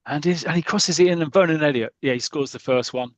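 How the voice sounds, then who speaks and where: A man hosting a podcast, retelling a comic story in casual chat, animated, often repeating himself and acting out the characters' lines. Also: a little high, fast, no room sound, rough recording.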